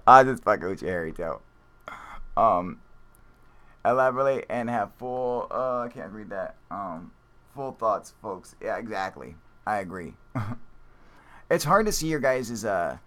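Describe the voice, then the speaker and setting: Swearing, laughing man with a low voice. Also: fairly bright tone. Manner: profane, rambling, laughs often. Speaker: live stream host. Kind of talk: casual live stream chat reading viewer comments.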